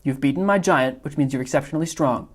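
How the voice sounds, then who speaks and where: Vizzini, a man doing a smug, shrill schemer. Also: natural voice. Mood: triumphant. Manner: smug, rapid-fire, lecturing. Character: pompous, boastful small-time criminal mastermind, male.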